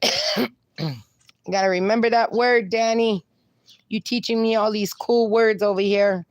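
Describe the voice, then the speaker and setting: A woman's voice: fairly high pitch, sing-song, measured pace, dry recording, clean studio sound. A woman, hosting a casual live stream and reading viewers' comments aloud in a chatty, affectionate way. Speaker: livestream host.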